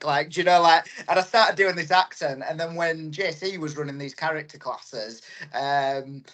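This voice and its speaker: A man's voice: a little high, fairly even intonation, normal speed, few pauses, a bit bright. A man in his thirties, a wrestler and promoter, chatting in a podcast interview, rambling along and laughing often. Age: 30s. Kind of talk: casual podcast chat.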